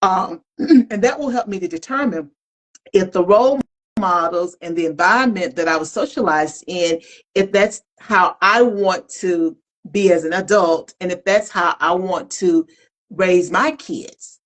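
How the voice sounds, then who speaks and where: Here the middle-aged co-host speaks at a fairly low pitch and an unhurried pace, though the audio quality is poor. Her podcast talk is frank, colloquial and lively, with open reflection in relaxed chat.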